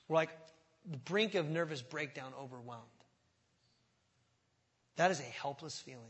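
A man's voice: fairly high pitch, a bit bright. Impassioned male pastor preaching. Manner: impassioned, rising to emphatic outbursts. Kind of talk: sermon.

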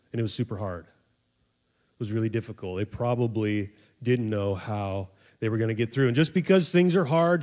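A man preaching a sermon in a conversational, joking way, acting out voices and laughing at himself. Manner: animated, acts out voices of the disciples with sudden high squeaks. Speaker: pastor.

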